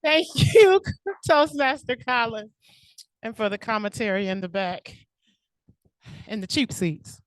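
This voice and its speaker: A woman's voice: medium pitch, measured pace, long pauses, no room sound. Woman emceeing a club meeting. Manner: lively, warmly announcing, engaging the audience. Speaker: meeting host. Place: large meeting room.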